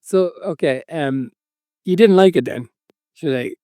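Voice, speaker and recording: A man's voice: fairly high pitch, unhurried, warm tone, smooth, dry recording, studio quality. A male podcast co-host in casual banter, sheepish and self-deprecating about his own mistakes.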